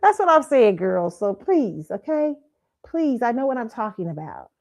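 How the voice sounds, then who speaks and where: A woman's voice: on the high side, very animated, normal speed, darkish tone. Blunt, profane woman hosting a chat stream. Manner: blunt and profane, laughs often, keeps asking "okay?". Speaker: show host. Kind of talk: casual pop-culture commentary stream. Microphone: streaming setup mic.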